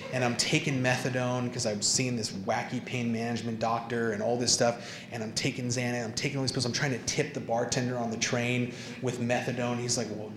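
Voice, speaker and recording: A man's voice: medium pitch, background noise. A man telling a personal story in a rambling way, stringing events together one after another. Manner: rambling, piling up clauses with "and". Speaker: interviewee. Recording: roomy with background ambience.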